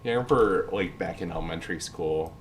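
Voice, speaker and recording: A man's voice: low-pitched, fast, slight background noise. A man chatting playfully on a live stream, goofy and joking, often slipping into silly voices. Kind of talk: casual live-stream chat.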